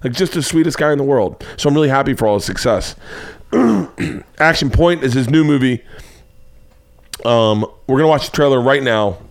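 A man's voice: mid-range voice, normal speed, creaky, pauses often. A middle-aged man hosting his own podcast, rambling through stories in a loose, profane, comedic monologue. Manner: profane, rambling, animated storytelling. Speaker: podcast host.

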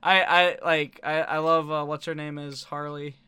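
A man with a bright, clear voice laughs his way through casual podcast chat. He talks in quick, excited bursts and swears freely. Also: a little high. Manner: laughing often, profane, excitable. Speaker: podcast co-host.

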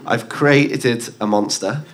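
A man's voice: mid-range voice, slow, a bit bright. A man on stage in a live comedy show, teasing and reading out audience letters. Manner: camp, teasing, reading aloud. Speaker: comedy show cast member. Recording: live gig with audible crowd.

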